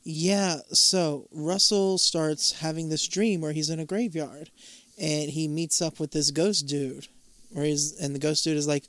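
A man's voice: on the high side, fairly even intonation, a little slow, fairly bright tone, dry recording. A man co-hosting a podcast, casually retelling a TV episode's plot with wry, crude jokes. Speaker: podcast co-host. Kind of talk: casual chat recapping a TV episode.

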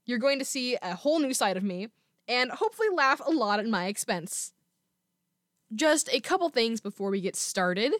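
A woman's voice: a little high, animated, moderate pace, no echo, studio quality. A woman hosting a podcast, chatting casually and poking fun at herself. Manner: chatty, self-deprecating. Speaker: podcast host.

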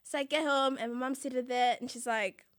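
A young woman with a high, bright-sounding voice chats casually and tells a long story. She laughs often and slips into quick impressions of the people in it. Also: steady tone, smooth, dry recording, clean studio sound. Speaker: guest telling a story. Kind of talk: casual chat.

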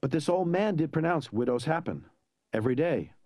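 A man reading a storybook, putting on an anxious young woman. She speaks quickly and in a higher voice, pleading. The sound is dry and close. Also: expressive, a little mellow, dry recording.

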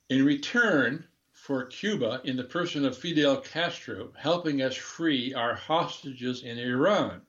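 An older man who used to be a diplomat tells a candid, rambling anecdote in a casual interview, chuckling and correcting himself along the way. His voice is mid-range, and the sound is lo-fi.

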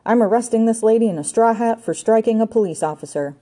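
A woman voicing an officious young male police constable who speaks in a loud, commanding way. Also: fairly high pitch, fast talker, voice pushed up, lightly acted.

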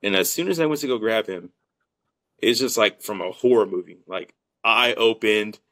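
A man with a drawl and a fairly low voice tells his hunting mishaps in a lively, rambling way, stumbling over restarts and acting out what everyone said. The recording is dry and close, with no room sound. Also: normal speed, no echo. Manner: animated storyteller who acts out quotes, with many restarts. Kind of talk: casual hunting podcast storytelling.

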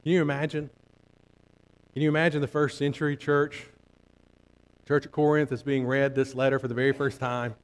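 A man preaching a sermon in church, swinging from hushed asides to loud emphatic repetition and asking the congregation rhetorical questions. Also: medium pitch, level tone, fairly quick, long pauses.

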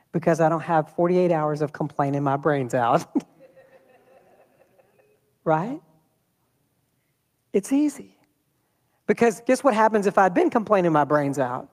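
A man preaching a sermon in a church, talking in a lively, conversational way and throwing rhetorical questions at the congregation. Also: fairly high pitch, long reverb tail. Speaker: pastor.

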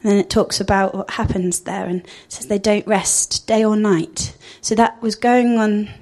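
A woman's voice: mid-range voice, fairly even intonation, measured pace, darkish tone. A woman giving an informal sermon, chatty and thinking aloud with frequent fillers. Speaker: speaker giving a church talk.

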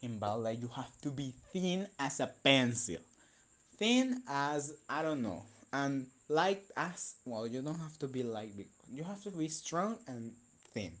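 Slow, rambling young man venting. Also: mid-range voice, sing-song. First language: Spanish. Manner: rambling and profane, with many fillers and restarts. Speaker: vlogger. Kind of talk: casual venting vlog.

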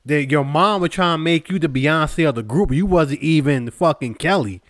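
A man's voice: a little high, normal speed, no echo, studio quality. A man co-hosting a podcast, talking in a blunt, crude, opinionated way. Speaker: podcast co-host. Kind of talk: casual chat.

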